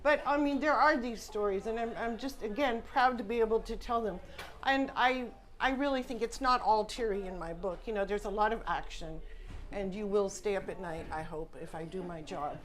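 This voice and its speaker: A woman's voice: medium pitch, normal speed, a bit bright. A woman author telling stories to an audience at an indoor salon event, earnest and conversational, with many asides. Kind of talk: casual storytelling talk.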